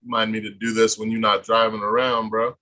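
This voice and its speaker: Sex: man. Role: podcast host. Tone: bright, forceful. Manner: blunt, swearing interjections. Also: lowish voice, level tone, a little fast. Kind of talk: casual chat.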